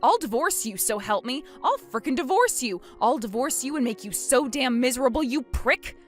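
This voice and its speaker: A woman narrating a dramatic personal story, fairly high-voiced and very expressive. Her pitch rises and falls widely as she voices indignation, and faint music plays behind her. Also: normal speed.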